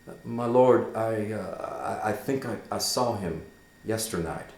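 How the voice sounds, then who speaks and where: A man voicing a loyal, earnest young friend who reports in a halting, careful way. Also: fairly low pitch, a little mellow, pitched above the performer's own voice. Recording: echoey room.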